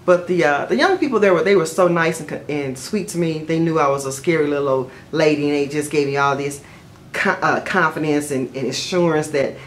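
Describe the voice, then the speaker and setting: A woman vlogger telling a personal story in a chatty, rambling way, full of fillers and self-corrections, jumping up in pitch whenever she quotes herself. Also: fairly quick, slight background noise. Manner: jumps high in pitch when quoting herself. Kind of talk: casual storytelling to camera.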